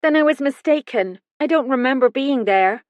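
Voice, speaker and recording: A woman's voice: sits high, lively intonation, moderate pace, no room sound, voice pushed up. A woman voicing a defiant young woman who answers questions sharply and evasively. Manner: sharp, defensive retorts.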